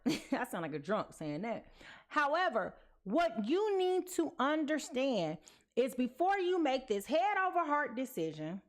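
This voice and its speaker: A sleepy woman giving a casual tarot card reading, chatty and sassy, tossing in slang and pet names. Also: on the high side. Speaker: tarot reader.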